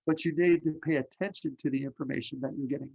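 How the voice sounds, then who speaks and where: A man giving a psychic reading, telling stories with lively acted-out voices. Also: medium pitch, quick pace, gravelly. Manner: animated storyteller, acts out voices in anecdotes. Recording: lo-fi muffled audio.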